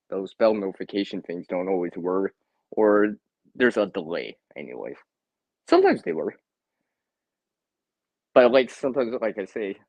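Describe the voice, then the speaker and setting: Man, casual live-stream chat, very animated pitch, dry close sound. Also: dry recording, low-quality recording. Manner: chatty, laughs often, repeats words. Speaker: livestream host.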